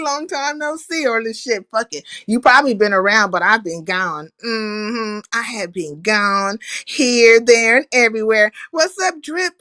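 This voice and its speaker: A woman's voice: fairly high pitch, lively intonation, measured pace, bright, forceful tone, no echo. A woman hosting a casual livestream, talking animatedly, cursing freely and greeting viewers by name. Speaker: livestream host.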